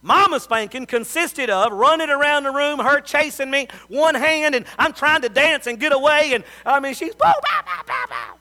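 Man, pastor, sermon, folksy storyteller, bright tone. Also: very high-pitched, normal speed, hardly any pauses.

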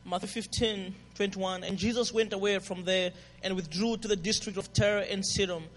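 A man preaching a passionate sermon as a pastor, dropping to a hush and then building to shouts. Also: high-pitched, steady tone, moderate pace. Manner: passionate, swings from hushed to shouting. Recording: reverberant hall.

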